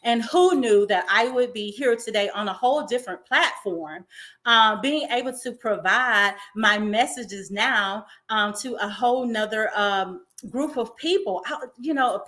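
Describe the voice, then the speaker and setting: Speaking with a fairly high, slightly bright voice, a female host delivers an inspirational talk-show monologue. She is emotional, effusive, and full of faith as she encourages her viewers.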